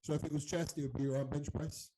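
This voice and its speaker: A man's voice: fairly high pitch, little pitch movement, background noise. A man co-hosting a casual podcast, speaking frankly with lots of fillers. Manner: fast, frank, filler-heavy.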